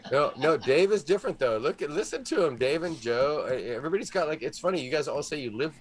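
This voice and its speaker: A man's voice: fairly high pitch, quick pace, noisy background. A man chatting casually as co-host of a group show, laughing and teasing the others. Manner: animated, laughing, stretches words when teasing. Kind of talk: casual chat.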